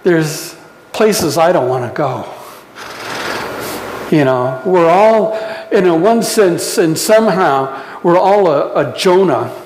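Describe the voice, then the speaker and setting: Slow, high-voiced preacher in an echoey hall. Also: male voice, expressive, a little mellow, slight background noise. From United States. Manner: slow, reflective preaching with pauses. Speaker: pastor. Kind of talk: sermon. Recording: roomy echo with long reverb.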